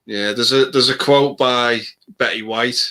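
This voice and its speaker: A man in a casual movie chat, easygoing and quick to agree. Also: mid-range voice, fairly even intonation, crowd noise.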